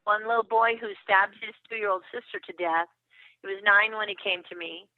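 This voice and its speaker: A woman's voice: medium pitch, normal speed, dry recording. Older woman guest, earnest storyteller, phone-line sound, dry. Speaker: guest therapist. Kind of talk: casual podcast interview.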